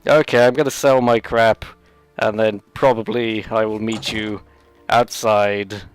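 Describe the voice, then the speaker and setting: A man's voice: fairly low pitch, flat delivery, unhurried, smooth, soft background music. A man hosting a let's play, giving rambling, sarcastic gameplay commentary full of jokey asides.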